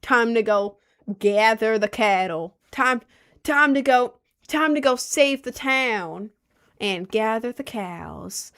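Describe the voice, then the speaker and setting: A woman voicing a swaggering old-time male Hollywood cowboy in a loud, hammy drawl. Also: a little high, animated, takes it slowly, full character voice.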